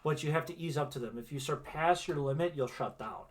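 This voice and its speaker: A man's voice: a little high, brisk. Chatty man reading tarot. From Wisconsin, USA. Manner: chatty, reassuring, peppers speech with "right?". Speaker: tarot reader and livestream host. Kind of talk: casual livestream chat.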